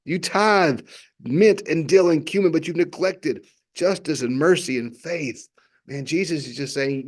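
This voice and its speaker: A man's voice: on the high side, unhurried. A male pastor gives an earnest, impassioned devotional reflection on scripture and often repeats phrases for emphasis.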